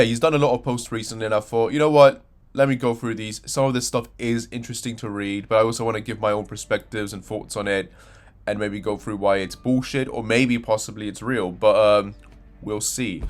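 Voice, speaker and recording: A young man with a fairly low voice talks casually through video game news as a channel host. He rambles, corrects himself mid-sentence and slips in sarcasm. Soft music plays faintly underneath.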